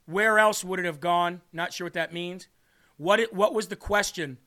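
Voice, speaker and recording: Earnest high-voiced man hosting a faith podcast. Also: normal speed, pushed and bright. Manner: earnest, emotional, reads comments aloud. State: tearing up. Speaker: podcast host. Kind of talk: reading live chat on a faith podcast.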